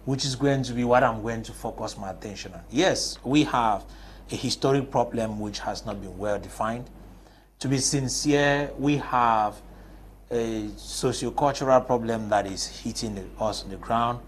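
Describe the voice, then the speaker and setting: A man's voice: mid-range voice, normal speed, a little hiss or hum. A man from Cameroon, speaking as a panelist on a TV discussion and pressing his case with rhetorical questions. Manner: emphatic, argues with rhetorical questions. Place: TV studio.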